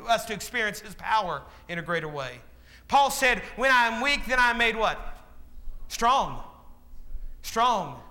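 High-voiced pastor preaching, lots of reverb from a big church hall. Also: male voice, pushed and bright. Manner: preaching with call-and-response questions; acts out quoted voices. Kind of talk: sermon.

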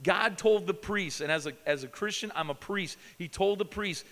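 A fairly high-voiced man preaches to a youth camp in a big hall with a long reverb tail. He drives his points home with emphatic questions to the crowd. Then he drops to a hush before rising again. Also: normal speed, hardly any pauses. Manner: emphatic, questioning the audience, swinging from loud to hushed. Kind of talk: sermon.

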